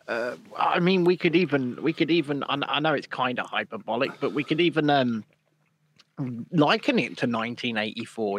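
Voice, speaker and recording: A man's voice: fairly high pitch, animated, normal speed, no echo. A man from southern England in a casual chat, ranting cynically and swearing, often restarting his sentences. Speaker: podcast co-host.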